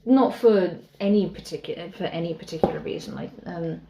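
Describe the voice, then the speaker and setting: A young woman co-hosting a podcast, speaking in casual chat, unhurried and hesitant with many fillers. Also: on the low side, warm tone. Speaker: podcast co-host. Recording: roomy echo.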